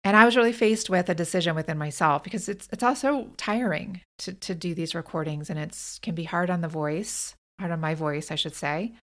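Earnest, lower-voiced woman podcaster. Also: fairly quick, few pauses, a bit bright. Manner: earnest and reflective, with frequent restarts. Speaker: podcast host and author. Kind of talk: personal reflective monologue.

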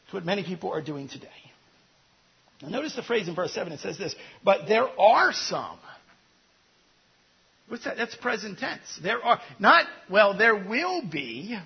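A man's voice: high voice, very animated, normal speed, creaky, long pauses, breathy edge, muffled recording. A man preaching a sermon, conversational, throwing rhetorical questions at his congregation. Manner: conversational with asides. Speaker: pastor.

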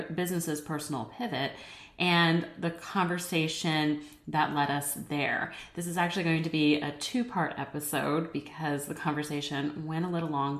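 A woman's voice: deep voice, echoey room. A woman co-hosting a podcast, upbeat and teasing in casual chat. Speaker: podcast co-host.

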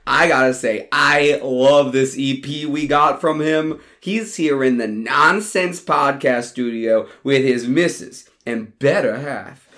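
A man voicing Ronnie, a stoned slacker podcast host who is loud, laughing and drawling. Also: mid-range voice, slow pace. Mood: hyped.

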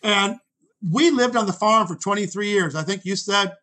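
Older guy in his 60s, high bright voice, rambly storyteller, keeps correcting himself. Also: moderate pace, low-quality recording. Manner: rambling, self-correcting anecdotes; acts out quoted voices. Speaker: guest. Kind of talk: storytelling in conversation.

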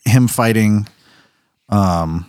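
A man's voice: lowish voice, extremely slow, darkish tone, dry recording, studio quality. Rambling, cursing young man on a podcast. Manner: rambling, swears a lot, many restarts. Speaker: podcast host. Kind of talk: casual chat.

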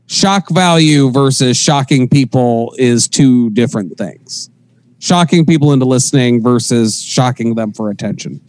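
A man talking casually on a podcast, animated and profane, laughing often. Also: medium pitch, unhurried, low-quality recording.

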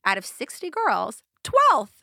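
A young woman with a bright, clear voice co-hosts a casual podcast. Her pitch leaps up and down as she acts out quoted lines in an animated way. The sound is dry and close to the mic. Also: slow pace, dry recording. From Southern California. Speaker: podcast co-host. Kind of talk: casual chat.

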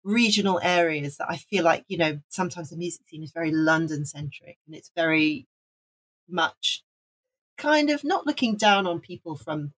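A woman from Wales talks in a relaxed podcast chat, eager and rambling, circling back on her words. Her voice is husky and sits on the low side. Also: moderate pace. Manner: enthusiastic, rambling with restarts. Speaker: podcast co-host. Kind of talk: casual chat.

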